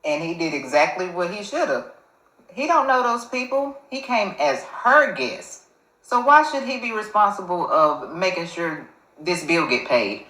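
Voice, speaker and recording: A woman's voice: on the low side, sing-song, measured pace, sharp tone, reverberant, poor audio. Emphatic woman giving her opinion. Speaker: commentator. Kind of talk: reaction commentary.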